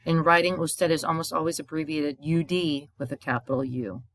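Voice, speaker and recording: A woman's voice: low voice, steady tone, fairly quick. A woman teaching a recorded video lesson in a patient, explanatory way, reading short example dialogues aloud and translating them. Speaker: Spanish teacher.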